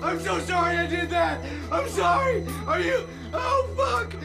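An actor playing a frantic, unhinged young would-be killer in a film scene, shrieking and swinging between rage and apology. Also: male voice, extremely high pitch, animated, unhurried, creaky, roomy sound, over loud music, exaggerated voice. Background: loud film score.

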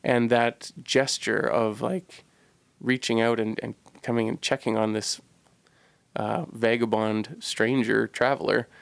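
A man recounts a personal story in a relaxed, earnest way, pausing to search for the right words. His mid-range voice carries a gravelly fry. The sound is dry and close, with no room echo. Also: mid-range voice. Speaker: podcast co-host telling a personal story. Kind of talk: casual storytelling.

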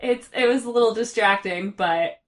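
Woman, podcast co-host, higher voice, casual chat, teasing, laughs a lot. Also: moderate pace. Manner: chatty and laughing, playfully teasing.

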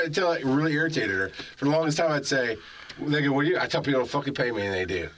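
A man telling long stories in a loose, profane podcast chat, with lots of pitch swings. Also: racing, a little hiss or hum. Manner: animated, profane storytelling. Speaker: podcast guest. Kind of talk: casual chat.

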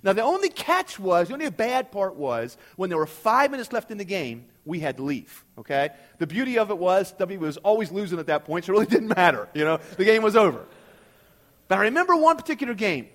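A middle-aged man preaching a sermon, telling a story in an animated way and often checking in with the listeners. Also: high voice, a little fast. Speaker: pastor.

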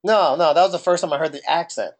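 A man's voice: a little high, fast talker. A young man from New Jersey with a New Jersey accent, co-hosting a casual podcast and asking questions between anecdotes. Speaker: podcast co-host. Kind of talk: casual chat.

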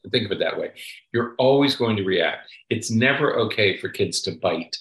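On a rough-sounding parenting podcast recorded in a roomy space, a male psychologist co-host gives casual advice. His fairly low, slightly bright voice is expressive and moderately paced, and he keeps checking in with an emphatic "okay?" after each point.

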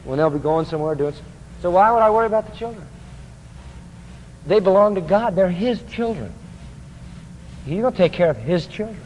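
A man's voice: high voice, lively intonation, brisk, long pauses, a little mellow, slight background noise. A man preaching a sermon with emphasis, asking the congregation to fill in the key words. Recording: dull lo-fi recording with long hall reverb.

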